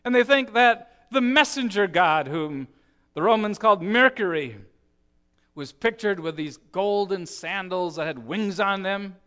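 A man preaching a sermon, telling the story with swings from hushed, slow lines to emphatic ones. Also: sits high, expressive.

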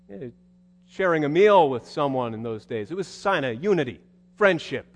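Male preacher, wry and animated, lively pitch, big reverberant hall. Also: a little fast. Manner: conversational, wry, animated storytelling. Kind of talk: sermon.

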